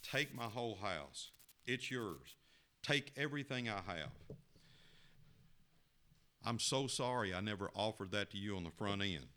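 A distressed young man pleads in a strained, raised voice, as a male storyteller puts him on. The tone stays bright and forceful throughout. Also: lowish voice, animated, a little slow, long pauses. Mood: remorseful.

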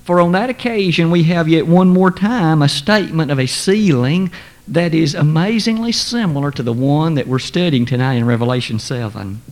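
Higher-voiced man preaching a formal sermon. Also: darkish tone. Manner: measured, formal, emphatic.

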